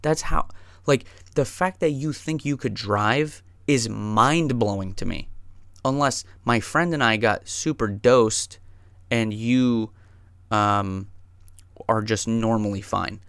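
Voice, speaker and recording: Man, gravelly voice, dry close sound, casual rambling storytelling, lots of swearing. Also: medium pitch, takes it slowly, no room sound. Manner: profane, rambling, excitable.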